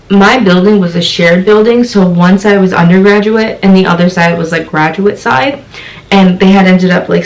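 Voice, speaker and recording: A young woman tells a story straight to her viewers in a lively, theatrical way. She acts out each of her own lines and leaps up in pitch when she plays them. Her voice sits in a middle register with a gravelly, fry-tinged edge. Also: poor audio. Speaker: storytime vlogger. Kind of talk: animated storytelling to camera.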